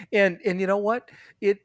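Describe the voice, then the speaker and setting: A man's voice: high voice, no echo, clean studio sound. Man telling a rambling, profane story. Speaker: podcast co-host. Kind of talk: casual chat, storytelling.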